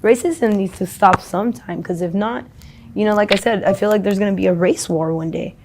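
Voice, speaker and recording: A woman's voice: mid-range voice, a little fast, a little mellow. Woman interviewee, rambling blunt talker who swears a lot, noisy street recording behind her.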